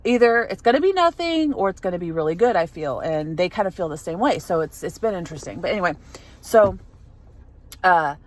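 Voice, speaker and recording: A woman's voice: fairly low pitch, expressive, fairly quick. A young adult woman telling a story in a casual vlog, rambling with lots of fillers and restarts. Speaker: vlogger.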